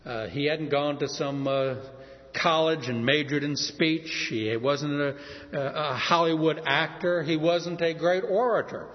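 An older man from Texas preaching a sermon, earnest and emphatic, with dramatic pauses and strong stress on words. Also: a little high. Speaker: pastor. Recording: muffled sound in a reverberant hall.

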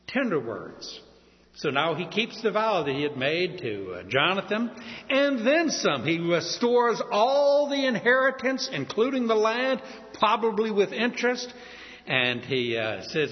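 Lively high-voiced older male preacher. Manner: storytelling, animated, slows down on key words. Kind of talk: sermon. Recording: dull audio in a reverberant hall.

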